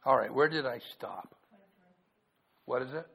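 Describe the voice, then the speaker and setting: Gravelly-voiced man preaching. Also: mid-range voice, a bit bright, rough recording. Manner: halting, repeats words, reads scripture aloud in a raised voice. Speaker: pastor. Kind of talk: sermon with scripture reading.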